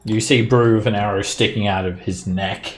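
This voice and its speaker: A man's voice: lowish voice, steady tone, moderate pace, soft background music. A man running a tabletop game as dungeon master, narrating loosely with fillers and frequent laughs.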